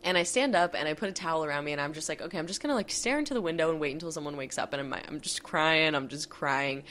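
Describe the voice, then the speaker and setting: A woman's voice: low-pitched, fast, a bit bright, a little hiss or hum. A woman in her twenties hosting a podcast, telling a long personal story in a casual, rambling way with lots of fillers and some laughter. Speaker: podcast host.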